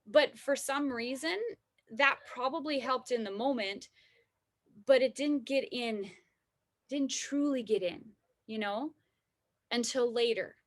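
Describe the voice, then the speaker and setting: Chatty woman teaching self-love, higher voice. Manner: conversational, often adds "right?" and "you know?". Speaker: wellness teacher. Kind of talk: casual self-help talk.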